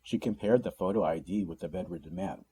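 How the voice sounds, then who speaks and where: Brief: male audiobook narrator, low mellow husky voice, lively delivery. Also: brisk. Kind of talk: scripted narration.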